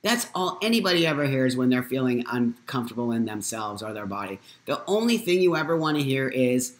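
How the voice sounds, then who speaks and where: A man's voice: mid-range voice, sing-song, brisk. Emotional man in his fifties, echoey room. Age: 50s. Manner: emotional, emphatic, swings from loud to hushed. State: near tears at times. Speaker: host. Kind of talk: live-stream monologue.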